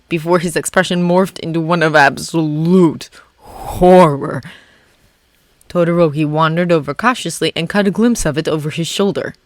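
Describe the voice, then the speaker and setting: A fan reader narrating a story chapter with an expressive delivery. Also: mid-range voice, no room sound. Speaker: fanfiction reader. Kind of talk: audiobook narration.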